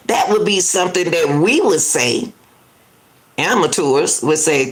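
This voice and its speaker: Her voice sits fairly low and sounds animated, with a slightly slow delivery. She's doing live commentary on a news clip, indignantly talking back to it, repeating points, and casually chatting with her viewers directly.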